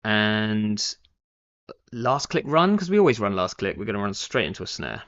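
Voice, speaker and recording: A young man chats through his card game on a live stream, thinking aloud, full of fillers and restarts. His voice sits fairly low but rises and falls a lot as he talks. The stream audio is dull and lo-fi. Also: big pitch swings, moderate pace, a bit bright. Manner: rambling, thinks aloud with many fillers and self-corrections. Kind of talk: casual live-stream commentary.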